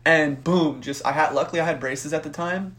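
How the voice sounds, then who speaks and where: A young man co-hosting a podcast, telling a profane story in a casual, animated way and acting out the voices in it. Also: a little high, fairly quick. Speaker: podcast co-host.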